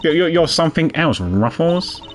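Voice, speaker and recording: A man's voice: fairly high pitch, animated, moderate pace, a little hiss or hum, voice pushed up, natural voice. A man voicing a brash, stubborn young female reporter in a put-on Southern US twang, with a folksy, defiant drawl. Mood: flustered.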